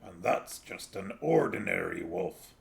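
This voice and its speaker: A man voicing a scruffy, wheezing little male street dog who talks low and gruff. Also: lively intonation, a little slow, full character voice. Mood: grim.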